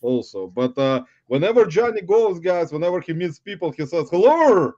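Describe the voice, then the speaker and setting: A man's voice: fairly high pitch, animated, moderate pace, mellow, no room sound. A man hosting a casual livestream interview, greeting viewers and addressing them as guys. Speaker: livestream host. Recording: dull dry audio.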